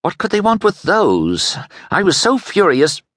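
A man's voice: high-pitched, wildly swooping pitch, measured pace, no echo, studio quality, pitched above the performer's own voice, full character voice. A man voicing a fierce, urgent young noblewoman. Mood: indignant. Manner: urgent, pleading and sharp. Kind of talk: audiobook character voice.

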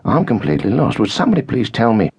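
A man's voice: on the low side, huge pitch swings, quick pace, a little mellow, slightly rough, pitched above the performer's own voice, full character voice. A man voicing a polite, eager young captain. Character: young, keen British army captain.

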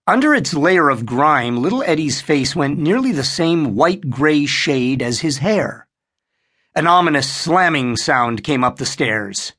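A man narrating a horror audiobook in an expressive storytelling style. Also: fairly high pitch, measured pace. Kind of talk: scripted narration.

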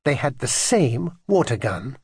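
A man reads a children's storybook aloud with expressive, lively intonation that rises and falls widely. His voice has a husky grain. The recording is close and dry, with no room sound. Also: medium pitch, unhurried, no echo. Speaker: audiobook narrator.

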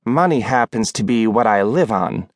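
A man's voice: on the low side, animated, moderate pace, dry recording, close to an everyday voice. A man doing a blunt stern landlady. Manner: blunt and scolding.

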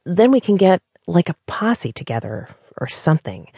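A woman's voice: on the low side, big pitch swings, normal speed, warm tone, breathy edge, no echo, clean studio sound, voice pushed up, exaggerated voice. A woman voicing an anxious but determined young woman who pleads and pushes her point, at times heatedly. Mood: coaxing. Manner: pleading, rising to heated insistence.

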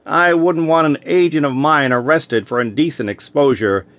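A man's voice: a little high, moderate pace, a bit bright, dry recording. A man voicing a harried, snappish middle-aged FBI chief who talks in an urgent, flustered way in an audiobook. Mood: fussy. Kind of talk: audiobook character voice.

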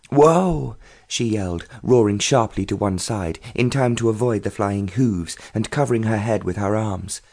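A man narrating a romance novel audiobook in a measured storytelling manner. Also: fairly low pitch, warm tone. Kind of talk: scripted narration.

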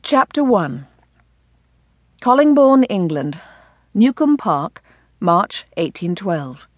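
A woman narrating an audiobook in a measured, clear storytelling manner. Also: mid-range voice, big pitch swings, no room sound, lo-fi sound. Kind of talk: scripted narration.

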